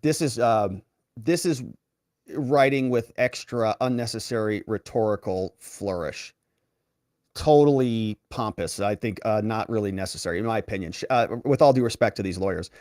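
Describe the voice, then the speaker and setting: Sarcastic lawyer man with lively pitch. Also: normal speed, no echo, studio quality. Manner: sarcastic, mocking asides; animated reading of quoted letters. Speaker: lawyer and political commentator. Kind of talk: reading aloud and commenting on letters.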